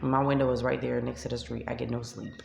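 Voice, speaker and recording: A woman's voice: extremely low pitch, flat delivery, fast, gravelly, a little mellow, roomy sound, slight background noise. A woman with a New York accent, a shelter resident venting to camera in a vlog, upset and tearful as she retells an argument. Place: shelter room by a street window.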